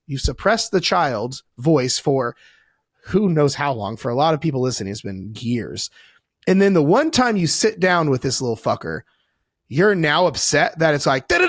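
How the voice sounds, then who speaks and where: A man talking as a weight loss coach guest on a podcast, animated and profane, acting out little voices as he explains. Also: fairly high pitch, no echo, clean studio sound. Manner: animated, swearing, acts out voices. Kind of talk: casual podcast conversation.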